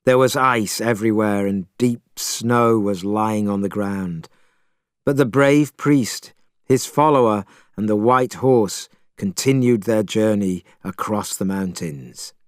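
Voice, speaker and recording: Male storyteller, scripted narration, slow, expressive, dry close mic. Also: on the low side, dry recording. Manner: measured, expressive.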